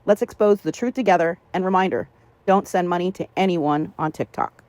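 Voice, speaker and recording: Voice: mid-range voice, a little fast, darkish tone, no room sound. Upbeat synthetic channel-intro narrator.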